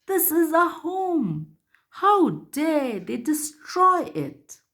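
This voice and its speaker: A woman's voice: sits high, sing-song, very slow, a bit bright, pitched above the performer's own voice, heavily acted. A woman voicing an angry lion who speaks up in an indignant, raised voice to protect the forest in a story read to children.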